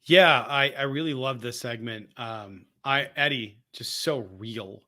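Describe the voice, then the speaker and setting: Man, podcast co-host, casual chat, excitable, rambling, laughing, bright tone. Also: mid-range voice, measured pace.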